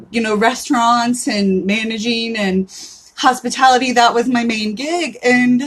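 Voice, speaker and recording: A woman in her thirties hosting a casual livestream, chatty and candid, often saying "like" and swearing in passing. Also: fairly high pitch. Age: 30s. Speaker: livestream host.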